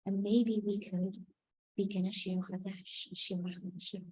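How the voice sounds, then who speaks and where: A woman giving a reflective spiritual teaching, unhurried, often checking in with "right?". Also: mid-range voice, level tone, a little mellow, husky, poor audio.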